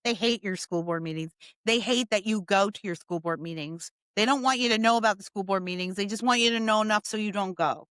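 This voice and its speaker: A woman's voice: medium pitch, a little fast, few pauses, a bit bright, clear, resonant tone, dry recording. A woman hosting a political opinion monologue, talking emphatically and sarcastically and hammering points by repeating them. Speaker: political commentator host.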